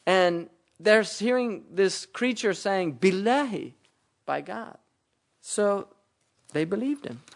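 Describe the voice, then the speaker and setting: A man's voice: sits high, animated, slow, creaky. A man giving a religious lecture, explaining Arabic words and verses, often rising into emphatic explanation. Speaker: Islamic teacher.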